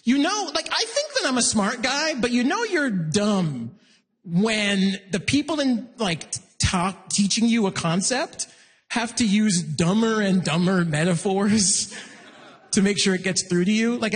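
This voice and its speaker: A man performing a stand-up comedy set on a concert hall stage, animated, with shouted bursts and mock voices. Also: high-pitched, a little slow, husky. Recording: live hall recording with long reverb.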